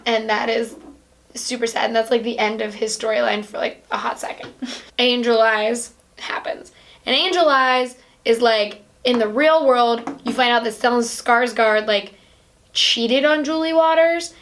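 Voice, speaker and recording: High-voiced woman gushing through a recap. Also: slight background noise. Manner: animated, fast retelling with many "like"s and acted-out quotes. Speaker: podcast host. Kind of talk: casual chat recapping a film.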